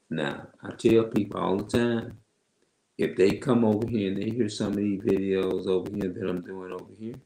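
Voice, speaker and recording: A man with a heavy, loud voice reads Bible verses slowly and emphatically, stopping to explain them in his own words as an online religious teacher. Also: deep voice, gravelly, reverberant, rough recording. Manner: slow, emphatic, repeats himself. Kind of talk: Bible reading with loose commentary.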